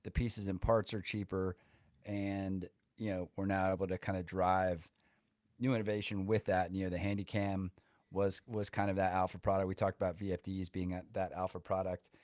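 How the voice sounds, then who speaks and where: Easygoing man co-hosting a podcast, lowish voice, loose chatty delivery, dry sound. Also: level tone, normal speed, darkish tone, no room sound. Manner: loose, conversational, many fillers like "you know" and "kinda". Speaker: podcast co-host. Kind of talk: casual chat.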